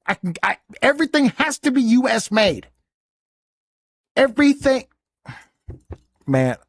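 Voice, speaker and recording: Blunt, high-voiced man ranting on a podcast. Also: sing-song, measured pace, no echo, clean studio sound. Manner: blunt, profane, indignant. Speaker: podcast host reacting to a clip; soldier. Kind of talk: casual commentary rant.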